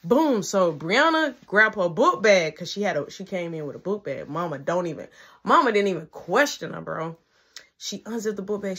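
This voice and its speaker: A woman's voice: on the low side, normal speed, breathy edge. A woman telling a personal story in a casual, slangy way, acting out the dialogue as she goes. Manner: slangy, animated retelling with quoted dialogue.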